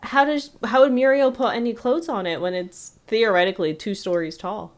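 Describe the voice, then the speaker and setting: A woman's voice: medium pitch, moderate pace. A woman co-hosting a podcast, casually recapping a cartoon episode in a rambling way full of "like" and fillers. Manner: rambling, filler-heavy retelling with frequent "like". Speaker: podcast co-host.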